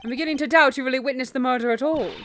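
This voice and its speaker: A woman voicing a refined male prosecutor in a game, speaking in a measured, lowered and precise way. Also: a bit bright, slight background noise. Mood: accusing. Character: stiff, formal male prosecutor, cool and refined.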